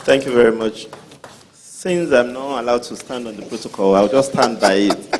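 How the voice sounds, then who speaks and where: A man giving formal goodwill remarks as a guest chairman, measured and with some hesitations. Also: medium pitch, a little mellow, slight background noise, low-quality recording.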